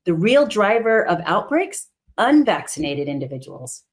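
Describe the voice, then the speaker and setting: Woman doctor co-host, lively rising and falling voice, firm explainer. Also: mid-range voice, normal speed. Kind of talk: explaining health facts.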